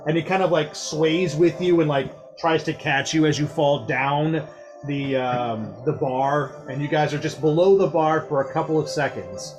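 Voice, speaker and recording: A man narrating as dungeon master in a relaxed, unhurried way with fillers. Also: on the high side, over music. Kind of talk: narrating a tabletop game.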